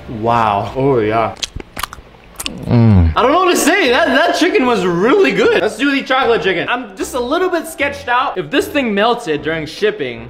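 A young man chatting excitedly through a casual food taste-test vlog, full of tasting noises and quick reactions. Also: sits high. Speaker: vlogger. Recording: echoey room with background music.

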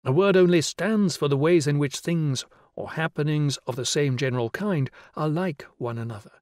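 A man's voice: on the high side, moderate pace, a little mellow, no echo, clean studio sound, natural voice. A man reading the part of a patient, playful young male teacher who explains and questions a class of children. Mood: lecturing. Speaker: schoolteacher. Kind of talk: audiobook character reading.

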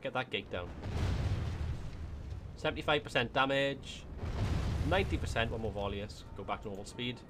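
A man's voice: medium pitch, moderate pace, pauses often, noisy background. A man with a Welsh accent giving casual gameplay commentary, thinking aloud as he plays. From Wales. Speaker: gaming YouTuber.

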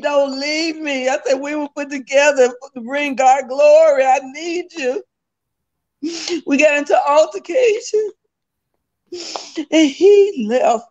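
A woman gives a fervent spoken religious testimony. Her voice sits high and gravelly, and she talks in a tearful, repetitive way. The recording sounds dull and lo-fi. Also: darkish tone. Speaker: testimony speaker.

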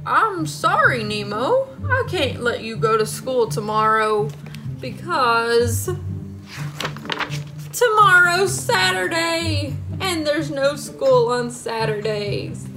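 Woman playing kindly dad fish, gentle and fatherly, music underneath. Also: on the high side, expressive, slow pace. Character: fond, apologetic father clownfish.

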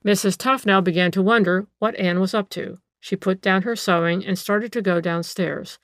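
Woman reading an old detective story aloud, measured and even, dry close sound. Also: medium pitch, no echo. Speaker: audiobook narrator. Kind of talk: scripted audiobook narration.

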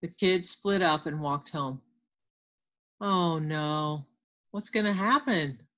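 Slow, patient woman teacher. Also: low-pitched, fairly bright tone. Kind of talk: reading lesson for children.

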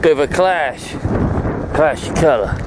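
A man's voice: on the high side, unhurried, noisy background. Rambling, cursing man on a bike path. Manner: rambling, swears freely. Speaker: cycle-touring vlogger. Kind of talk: casual chat while riding. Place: outdoors on a rural cycle path. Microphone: handheld camera while cycling one-handed.

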